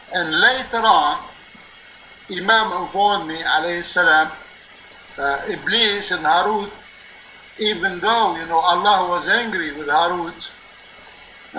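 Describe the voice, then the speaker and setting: High, very bright-voiced man explaining insistently. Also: a little hiss or hum, low-quality recording. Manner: earnest, insistent explaining with frequent "uh" and "okay?" check-ins. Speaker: live-stream show host. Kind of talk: live religious talk show, explaining to callers. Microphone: live stream or call-in line.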